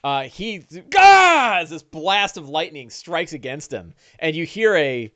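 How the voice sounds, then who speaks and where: Animated dungeon master, dry close mic. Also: male voice, on the high side, dry recording. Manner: animated, with quick bursts and filler-laden restarts. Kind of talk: narrating a one-on-one tabletop game.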